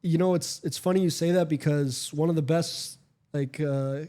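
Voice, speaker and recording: Male podcast host, casual and meandering, mellow tone, swears offhand. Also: fairly high pitch, fairly even intonation, normal speed. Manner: rambling, frequent fillers and profanity. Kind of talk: casual chat.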